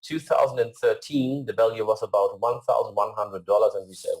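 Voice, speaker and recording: Halting man presenting slides, low voice. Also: steady tone, vocal fry, darkish tone, rough recording. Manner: hesitant, many fillers and restarts; earnest.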